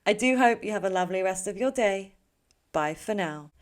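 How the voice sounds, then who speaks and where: A woman's voice: mid-range voice, lively intonation, moderate pace. A woman giving a casual pick-a-card tarot reading in a chatty, rambling way, with frequent fillers and self-corrections. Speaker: tarot reader.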